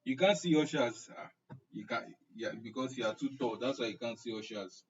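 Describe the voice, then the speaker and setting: Brisk and slightly breathy, a young Nigerian man with a medium-pitched voice teaches an online class, casually joking with viewers and answering their comments by name. The live stream comes through muffled and distant.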